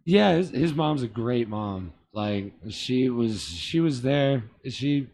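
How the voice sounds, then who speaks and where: A gravelly, creaky man from Boston talks as a podcast guest, his voice at a middle pitch. He rambles through stories with fillers and asides, loose and conversational. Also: animated, takes it slowly, darkish tone. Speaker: guest comedian. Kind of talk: casual storytelling chat. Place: small theater.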